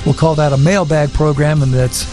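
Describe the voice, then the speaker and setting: A man's voice: on the high side, steady tone, moderate pace, mellow, faint music behind. A man hosting a talk program, reading emails and wrapping up the show in an easygoing, friendly way. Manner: friendly, easygoing host patter. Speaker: show host.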